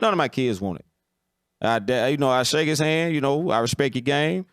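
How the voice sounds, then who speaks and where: A man's voice: mid-range voice, a little fast, clear, resonant tone, no echo, studio quality. Blunt man giving football takes. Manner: blunt, opinionated, keeps asking "you understand?". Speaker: host of a football talk stream. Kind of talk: casual sports commentary.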